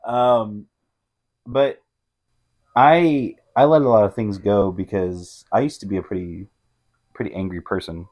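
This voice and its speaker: A relaxed man in his thirties chatting easily with his wife on a podcast. His voice sits low, and he often stumbles over a word and tries again before laughing things off. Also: unhurried, pauses often. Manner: laid-back, repeats himself, laughs easily. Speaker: podcast co-host. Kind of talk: casual chat.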